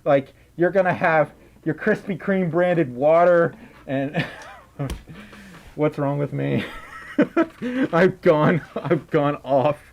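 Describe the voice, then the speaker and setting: A man's voice: a little high, slow pace, gravelly, long pauses, muffled recording, slight background noise. A tired man chatting casually on a livestream, reading out donations, rambling and giggling often.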